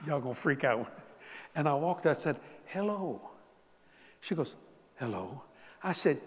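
A man preaching a sermon as a story, animated, swinging from soft asides to loud bursts. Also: fairly high pitch, moderate pace, vocal fry, long pauses. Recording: long hall reverb.

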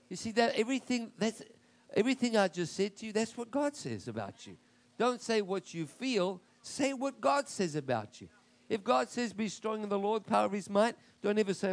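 Brief: male pastor, high-pitched voice, builds to emphatic declarations. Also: lively intonation, normal speed. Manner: emphatic preaching, rising to declarations. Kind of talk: sermon.

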